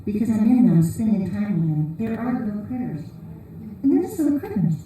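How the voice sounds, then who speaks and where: Lady preaching at a conference, chatty and funny, dark mellow tone, sounds far off in a big echoey hall. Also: medium pitch, very animated, a little fast. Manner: rambling, humorous storytelling. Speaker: conference speaker. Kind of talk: informal sermon talk. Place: large church hall.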